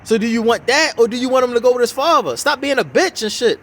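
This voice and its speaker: A man's voice: extremely high pitch, quick pace, a bit bright, slight background noise. A man giving a heated, swearing, mocking reaction commentary on a video. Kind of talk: profane ranting reaction commentary.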